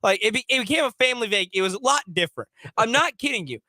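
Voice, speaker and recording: Animated high-voiced radio co-host. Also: male voice, rapid-fire, no echo. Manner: animated, self-defending, repeats words. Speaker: radio sports talk co-host. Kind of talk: casual sports radio banter.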